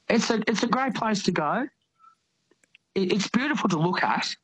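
An Australian woman calling in to a radio talk show, speaking slowly and earnestly, often repeating her words. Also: mid-range voice, lively intonation, slightly rough, no room sound, rough recording. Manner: slow, heartfelt, repeats words. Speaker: caller. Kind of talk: radio call-in chat.

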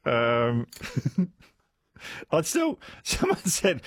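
A man's voice: a little high, wildly swooping pitch, unhurried, slightly rough. A man hosting talkback radio, chatting with callers in a laughing, friendly way. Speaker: radio host.

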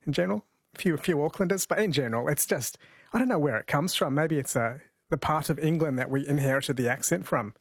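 A man's voice: a little high, fast, breathy edge, no room sound. A man hosting live radio, reading out listener texts and running a phone quiz in a chatty way. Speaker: radio host.

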